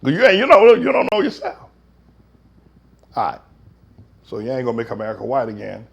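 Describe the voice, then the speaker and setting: A pastor in a heated, folksy preaching rant, swinging from shouts down to mutters. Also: male voice, medium pitch, huge pitch swings, brisk, gravelly, husky, lo-fi sound. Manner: folksy, slangy.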